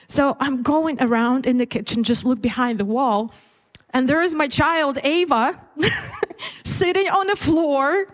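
A woman preacher shares a personal testimony in a conversational, unpolished way, full of fillers and restarts. Her voice sits somewhat high, and the church hall adds a long, ringing echo. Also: unhurried. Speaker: mother. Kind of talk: personal testimony within a sermon. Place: church service.

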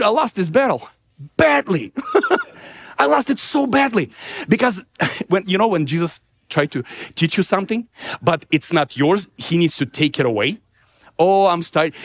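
A man's voice: fairly high pitch, sing-song, moderate pace, vocal fry, slightly rough. A man preaching a personal testimony sermon, telling his story animatedly, acting out dialogue and laughing often.

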